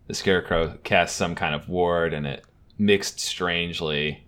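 A man co-hosting a casual chat, talking in a halting, hesitant way that trails off. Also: low voice, fairly even intonation, fairly bright tone, smooth. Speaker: podcast co-host.

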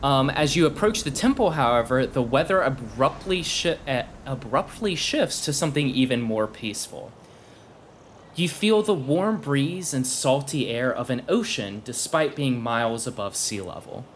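A man's voice: medium pitch, expressive, normal speed, a little hiss or hum. Casual male game master narrating. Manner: casual, self-correcting, laughs often.

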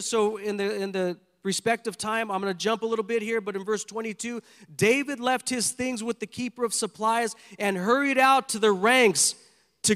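A man's voice: very high voice, fairly bright tone, long reverb tail. A male pastor preaching a sermon in a church, fervent and emphatic, repeating his phrases for emphasis.

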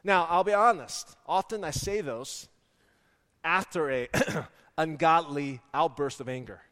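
A forty-year-old pastor preaching a sermon in a church, animated and full of rhetorical questions. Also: male voice, a little high, unhurried, long reverb tail. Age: 40s. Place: church sanctuary.

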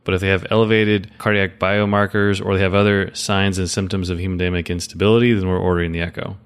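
A man's voice: low-pitched, level tone, quick pace, smooth. A man co-hosting a medical teaching podcast, speaking as a clinician with casual, joking asides. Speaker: clinician co-host.

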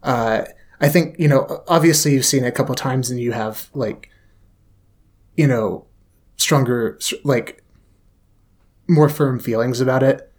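A man's voice: mid-range voice, a little slow, long pauses. Hesitant man in casual podcast chat. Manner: hesitant, many ums and uhs, laid-back. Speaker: podcast co-host.

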